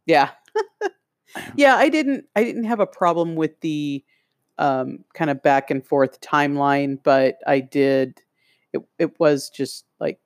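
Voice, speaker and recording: Slow-talking podcast cohost, kinda hesitant, dry close mic. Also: medium pitch, animated, no echo. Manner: hesitant, searching for words. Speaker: podcast co-host. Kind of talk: casual chat.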